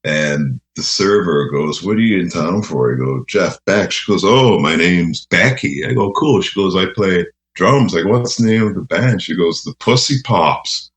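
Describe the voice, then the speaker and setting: A man's voice: sits low, lively intonation, moderate pace, hardly any pauses. A man telling rambling, laughing anecdotes in a casual interview. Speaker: radio host guest. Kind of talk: casual storytelling.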